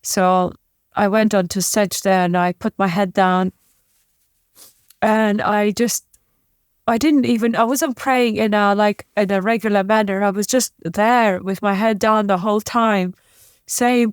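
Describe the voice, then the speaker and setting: A woman's voice: mid-range voice, fairly even intonation, clear, resonant tone, no room sound. Tearful woman with a dry close sound. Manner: halting, emotional retelling with many restarts. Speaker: podcast guest. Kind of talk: emotional interview storytelling.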